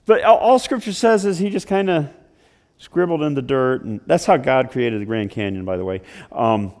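A male pastor preaching a sermon, swinging from loud declarations to hushed, slow storytelling. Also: mid-range voice, expressive.

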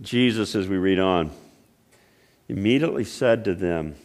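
A man preaching a sermon, telling stories and asking questions, swinging between loud exclaiming and hushed, quiet passages. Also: low voice, moderate pace, long pauses. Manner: storytelling with repeated restarts and rhetorical questions. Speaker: pastor.

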